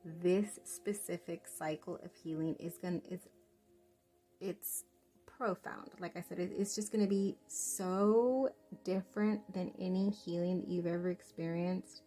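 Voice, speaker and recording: A woman giving a pick-a-card tarot reading straight to the viewer, gentle and reassuring, calling them "love". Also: on the low side, fairly even intonation, measured pace, faint music behind. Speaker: tarot reader.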